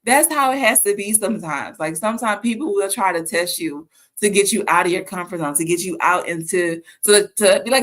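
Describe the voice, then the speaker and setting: A woman from the American South hosting a casual faith talk, telling stories in an animated way with frequent restarts. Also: medium pitch, a little fast. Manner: animated storytelling with laughs and restarts. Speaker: host.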